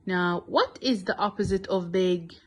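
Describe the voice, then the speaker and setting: A woman whose first language is Arabic, teaching English to young children, speaking deliberately and repeating words for beginners. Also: fairly low pitch.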